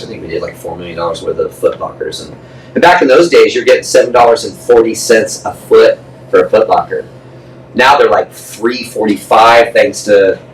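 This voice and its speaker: A man with a fairly low voice spins a blunt, profane yarn as a podcast guest, slipping into the voices of the people he quotes. He sits back from the microphone in a roomy, echoing space with a faint hiss of background noise. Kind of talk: casual storytelling interview. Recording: echoey room, distant mic, faint noise.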